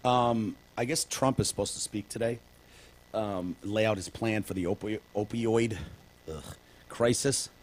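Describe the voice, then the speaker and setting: A man with a Detroit accent co-hosts a casual comedy podcast, his voice fairly low and a little slow. He's sarcastic and likes to act out little voices during bits.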